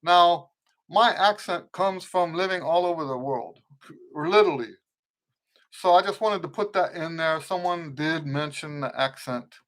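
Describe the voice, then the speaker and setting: A middle-aged man with a somewhat high voice and a mixed American accent rooted in Western Pennsylvania. He hosts a casual live trumpet Q&A in a rambling way, often breaking off and rewording his sentences. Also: measured pace, fairly bright tone. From eastern United States. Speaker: trumpet teacher and show host.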